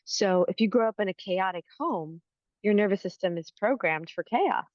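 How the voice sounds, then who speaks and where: Woman healing coach, steady teacherly explainer, lo-fi remote sound. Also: medium pitch, normal speed, dry recording. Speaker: inner-child healing coach. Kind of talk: explaining in an interview.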